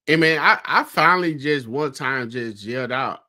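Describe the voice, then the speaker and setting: A man's voice: mid-range voice, lively intonation, moderate pace, hardly any pauses, sharp tone. A man, co-hosting a casual sports talk show, telling what he saw at a game in a conversational way. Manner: storytelling, conversational, many fillers. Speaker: co-host.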